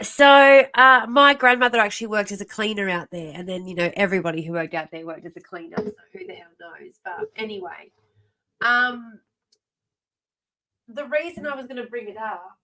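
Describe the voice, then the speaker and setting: A woman's voice: a little high, bright, forceful tone. A woman in her thirties hosting a casual livestream from home, rambling and self-interrupting, often laughing to herself. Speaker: livestream host.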